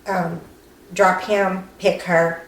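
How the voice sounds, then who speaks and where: A woman interviewed about her sister's death, speaking haltingly and acting out what people said to her. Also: lowish voice, flat delivery. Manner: halting, acts out quoted dialogue, frequent "um" and "you know". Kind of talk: recounting events in an interview. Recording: echoey room with faint background noise.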